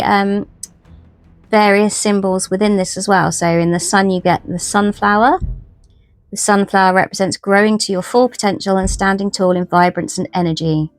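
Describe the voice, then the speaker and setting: A woman's voice: mid-range voice, steady tone, moderate pace, no room sound, soft background music. A woman chatting casually in a haul video about her new tarot decks. She rambles, restarts her sentences and pokes fun at herself. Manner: chatty, rambling, self-deprecating, many restarts. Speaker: tarot vlogger.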